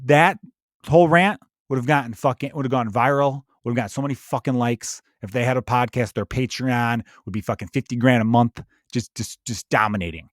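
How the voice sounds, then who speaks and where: A man from Chicago hosting a comedy podcast, ranting in a profane, animated way and slipping into mocking voices. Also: medium pitch, fairly quick, dry recording, clean studio sound. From Chicago, USA. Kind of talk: solo comedic rant.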